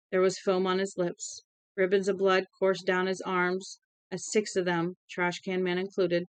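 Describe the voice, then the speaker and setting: A woman narrating an audiobook in a steady, even way, with small self-corrections. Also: mid-range voice, dry recording. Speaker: audiobook reader.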